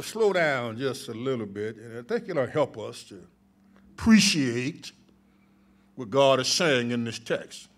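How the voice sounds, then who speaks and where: A male pastor preaching a sermon, moving from calm teaching to loud, emphatic peaks. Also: on the high side.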